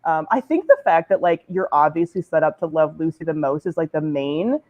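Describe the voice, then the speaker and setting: A woman's voice: deep voice, animated, fairly quick, narrow, tinny audio. Woman, book club regular, casual and chatty, voice swings up and down a lot. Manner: chatty, many fillers and laughs. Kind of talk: casual chat.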